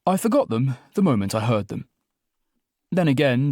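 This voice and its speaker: A man's voice: mid-range voice, sing-song, normal speed, darkish tone, no room sound, studio quality. A man reading a romantic comedy audiobook in the first person, with wry, self-deprecating comic timing. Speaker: audiobook narrator. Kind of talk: first-person scripted narration.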